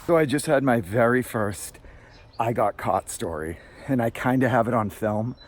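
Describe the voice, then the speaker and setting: A man narrating his own exploration outdoors, talking casually into a handheld camera at a middling pitch. He rambles from one thing to the next and sounds nervous about being caught. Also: normal speed, a little hiss or hum. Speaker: urban explorer vlogger. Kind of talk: casual walk-through narration. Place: outdoors on abandoned resort grounds.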